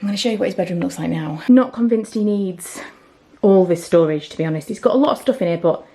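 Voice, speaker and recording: A woman's voice: fairly low pitch, quick pace, warm tone. A woman in her thirties chatting candidly to camera in a home vlog, sometimes dropping to a whisper. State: out of breath. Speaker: vlogger. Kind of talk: casual chat to camera.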